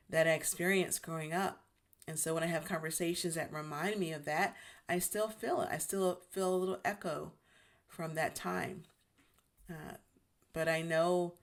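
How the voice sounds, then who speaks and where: A woman hosting her own channel, talking in a gentle, reflective monologue about healing, with frequent restarts as she searches for words. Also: low-pitched. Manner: gentle, self-reassuring, many restarts. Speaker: YouTube channel host.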